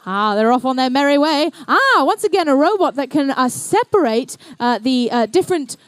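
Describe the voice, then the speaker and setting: A woman with a New Zealand accent and a high, bright-toned voice calls a robotics match live, playful and chatty. She tosses jokey asides to the teams between counts and scores. The sound is close and dry, with little room echo. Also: very animated, normal speed. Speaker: event commentator and emcee. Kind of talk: live competition commentary. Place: indoor competition venue.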